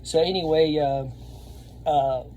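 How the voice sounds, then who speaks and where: A man, telling a rambling story to camera and getting louder when he acts out scenes. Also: fairly high pitch, slow, slight background noise. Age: 30s. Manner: rambling, animated, laughs often, shouts when reenacting. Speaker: vlogger and Army veteran.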